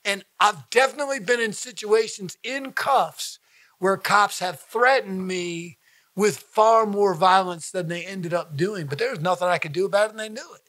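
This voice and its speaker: A man's voice: sits high, normal speed, sharp tone, dry recording. A man who is a stand-up comedian talking as a podcast guest, blunt and profane, repeating himself for emphasis and laughing mid-sentence. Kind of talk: casual podcast conversation.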